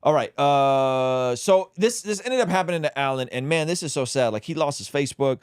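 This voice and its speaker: A man's voice: mid-range voice, smooth, no echo, studio quality. A man hosting a casual livestream, talking animatedly and bantering with his co-host. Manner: animated, quick to laugh, banter-driven.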